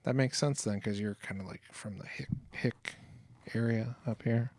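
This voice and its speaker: A man's voice: mid-range voice, moderate pace, a little mellow, no echo. Teasing man co-host, dry close voice. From Northern California. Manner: teasing, joking banter. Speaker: podcast co-host. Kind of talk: casual chat.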